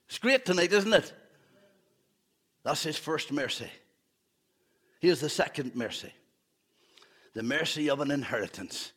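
A man's voice: on the high side, expressive, a little slow, long pauses, a bit bright, husky. A man preaching a fervent evening sermon in church, with humorous asides.

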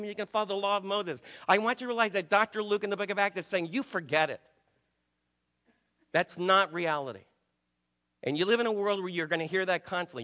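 A man's voice: sits high, sharp tone, long reverb tail. A man preaching a sermon to his church in an emphatic, conversational way, acting out quotes. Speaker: pastor.

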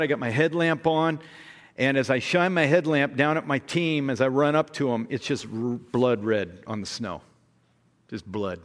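A middle-aged man giving a sermon as guest speaker, telling a story with lively acted-out voices. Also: medium pitch. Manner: animated storyteller, acting out voices. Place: large church hall. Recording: long hall reverb.

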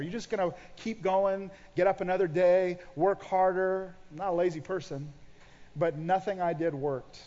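Male pastor, middle-aged, high voice, storytelling sermon, echoey hall, muffled sound. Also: normal speed, a little mellow. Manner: storytelling, acting out his own past prayers. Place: church auditorium. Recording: dull sound in a large reverberant church hall.

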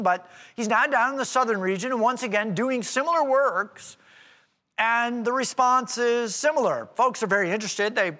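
A man's voice: high voice, bright, forceful tone. A man preaching an expository sermon in a church sanctuary, explaining in a conversational way with rhetorical asides. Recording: long hall reverb.

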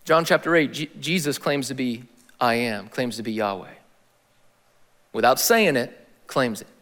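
A man giving a sermon as a pastor, in a casual, slangy style with animated emphasis. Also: mid-range voice, a little slow, big-room sound.

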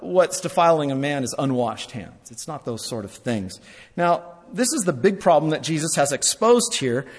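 Dramatic male preacher, very animated pitch, repeats lines for emphasis, long hall reverb. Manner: dramatic, swings between loud and hushed. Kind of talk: sermon.

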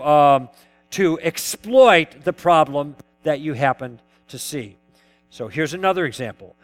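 Lecturing on conversation tactics, a man with a high-leaning, fairly bright voice recounts stories of past exchanges. He plays both parts in those dialogues and puts questions to his listeners.

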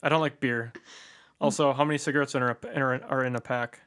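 A man co-hosting a podcast in casual chat, with a dry, wry deadpan manner. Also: mid-range voice, quick pace. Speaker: podcast co-host.

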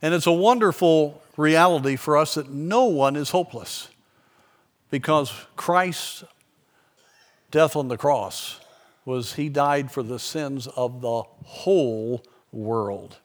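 A man preaching a sermon, telling a story in an earnest way and slowing down for emphasis. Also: on the high side.

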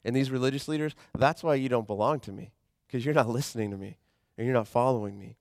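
A man preaching a sermon as pastor in a conversational, animated way, slowing down when he reads scripture. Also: mid-range voice, no room sound, clean studio sound.

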